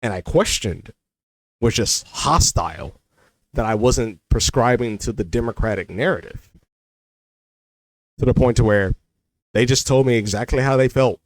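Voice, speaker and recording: A man's voice: medium pitch, normal speed, pauses often, dry recording, rough recording. Rambling man telling a personal story. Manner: rambling, heavy use of "like" and "you know". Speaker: vlogger.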